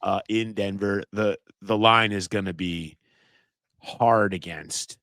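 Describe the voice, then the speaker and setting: A man with a Midwestern American accent co-hosting a casual sports podcast, animated and joking as he shouts out listeners. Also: on the low side, slow, no echo, studio quality. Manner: animated, joking, reads listener submissions aloud. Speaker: podcast co-host.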